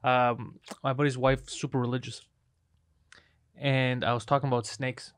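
A man's voice: medium pitch, little pitch movement, moderate pace, fairly bright tone, no echo. A man chatting casually on a podcast, joking and teasing, acting out silly quotes. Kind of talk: casual chat.

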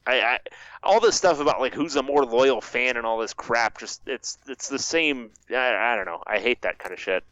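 A man co-hosting a casual sports podcast, talking haltingly with lots of fillers and hedges. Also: mid-range voice, a bit bright, no room sound, lo-fi sound. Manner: halting, hedging, many fillers. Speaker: podcast co-host.

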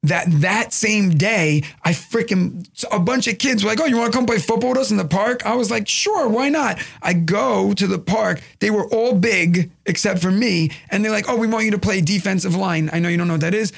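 Young New York man, podcast co-host; high, gravelly voice, rambling storyteller. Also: fairly quick, hardly any pauses. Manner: rambling, animated storyteller acting out quotes. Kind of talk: casual storytelling chat.

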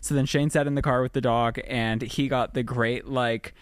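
A man co-hosting a podcast in casual chat, talking quickly with lots of "like" fillers. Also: medium pitch, fairly even intonation, smooth, dry recording, clean studio sound. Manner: quick, chatty, full of "like" fillers. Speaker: podcast co-host.

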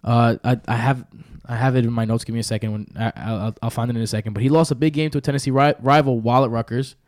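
A man's voice: mid-range voice, fairly even intonation, fast talker, a little mellow. A man with a New York accent giving blunt, opinionated takes in a casual sports chat. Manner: blunt, opinionated, speaks his mind.

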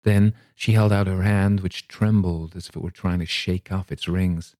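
A man reading a classic short story aloud in measured, scripted narration. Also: low-pitched, fairly even intonation, darkish tone, dry recording, studio quality. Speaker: story reader.

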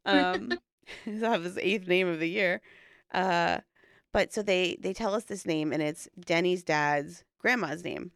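A woman's voice: lowish voice, unhurried, fairly bright tone, no echo, studio quality. A young woman chatting casually on a podcast, telling a long story with lots of fillers. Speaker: podcast co-host and new mother. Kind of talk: casual chat.

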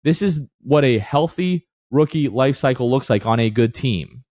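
A man co-hosting a casual sports podcast who talks in animated bursts and rants, then calls himself back down. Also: mid-range voice, moderate pace, dry recording, studio quality. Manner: animated, ranting then apologizing. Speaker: podcast co-host.

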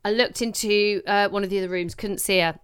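A woman co-hosting a podcast, telling a story in animated bursts that speed up when she relives the panic. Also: medium pitch, fairly quick, clear, resonant tone, no room sound, studio quality. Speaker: podcast co-host. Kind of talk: casual chat.

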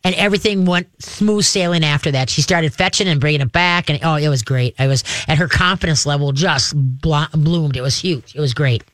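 A woman's voice: low-pitched, brisk, hardly any pauses, a bit bright, dry recording. A woman hosts a call-in radio show about dog training, in a folksy, rambling manner. She often slips into little voices for the dogs she talks about. Her voice sits close and dry on a studio microphone. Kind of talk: casual call-in radio talk.

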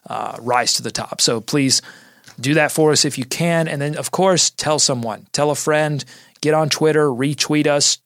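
A man hosting a basketball podcast, talking through game strategy and signing off with plugs for the show, energetic with quick asides. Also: medium pitch. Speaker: podcast host. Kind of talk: sports podcast analysis.

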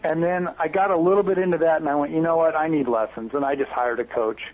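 A man's voice: on the high side, quick pace, phone-quality sound. A man from Oregon, a podcast guest chatting casually and enthusiastically about his training. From Bend, Oregon. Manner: upbeat, enthusiastic. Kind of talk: casual chat.

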